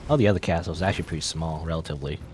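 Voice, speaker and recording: A man's voice: extremely low pitch, very fast, a little mellow, slight background noise. A man casually commenting while playing a game, musing aloud and joking at his own expense. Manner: rambling, musing aloud with self-deprecating jokes. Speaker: let's play host.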